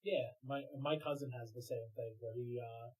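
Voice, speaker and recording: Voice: mid-range voice, steady tone, moderate pace, a little mellow, slightly rough, low-quality recording. A guest joking relaxedly in casual chat.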